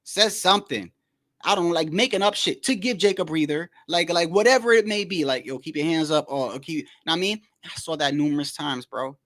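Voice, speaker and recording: A man hosting his own boxing channel, talking in a loose, animated rant that stumbles, repeats itself and swears. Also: on the high side, fairly quick. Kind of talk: casual commentary.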